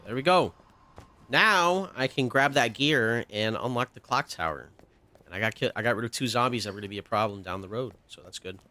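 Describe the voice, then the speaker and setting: A man's voice: medium pitch, a little fast, sharp tone. A young man hosting a casual let's-play, ranting animatedly and swearing freely between game moves. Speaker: gaming channel host.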